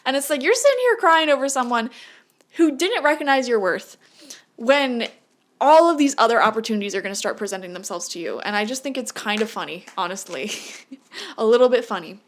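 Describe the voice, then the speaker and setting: A young woman giving a casual, chatty tarot reading who laughs often and breaks into lively, high-pitched asides. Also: brisk. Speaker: tarot reader.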